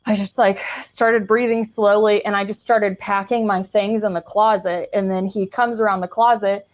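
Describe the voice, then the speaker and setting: A woman's voice: mid-range voice, steady tone, normal speed. A young adult woman from the American Midwest, a podcast guest, telling her personal story in a frank, chatty way with lots of "like" and casual swearing. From Kansas City, Missouri, US.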